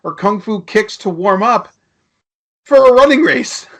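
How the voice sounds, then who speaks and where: A man's voice: high voice, lively intonation, a little slow. A man co-hosting a movie podcast in casual chat, laughing often as he agrees and riffs on scenes. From Canada. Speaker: podcast co-host.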